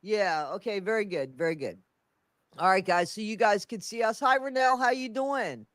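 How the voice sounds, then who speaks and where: Man, high voice, stuffed-up nose, halting stop-start talk, livestream host, dry close sound. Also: a bit bright, dry recording. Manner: halting, restarts often. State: stuffy, congested. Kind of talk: casual livestream chat.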